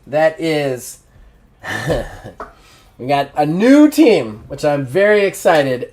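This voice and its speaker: A man casually narrating a solo wrestling role-playing game as its host, describing characters with lots of fillers. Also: fairly high pitch. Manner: rambling, casual, many fillers. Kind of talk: casual live-play narration.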